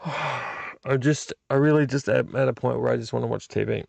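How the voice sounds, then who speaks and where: A man's voice: medium pitch, moderate pace, gravelly, darkish tone, dry recording. A frustrated, weary man, hosting a casual late-night vlog and rambling in a self-deprecating way with frequent restarts. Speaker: vlog host. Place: home movie collection room.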